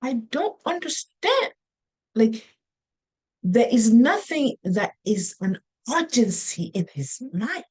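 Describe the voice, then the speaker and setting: A woman's voice: fairly high pitch, very animated, darkish tone, breathy edge. A middle-aged woman giving a casual motivational talk, telling stories earnestly with frequent restarts. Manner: unhurried, earnest, storytelling with many restarts. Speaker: motivational speaker.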